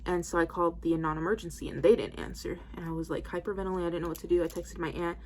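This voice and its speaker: Low-voiced young woman rambling to camera. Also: level tone, rapid-fire, darkish tone. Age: 20s. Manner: rambling, heavy use of "like" and "um"; talks while styling her hair. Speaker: vlogger. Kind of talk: casual storytelling to camera.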